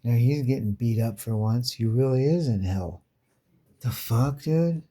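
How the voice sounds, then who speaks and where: A man's voice: mid-range voice, measured pace, dark tone. A man giving a casual, profane, slangy rundown of an old comic book, riffing in disbelief.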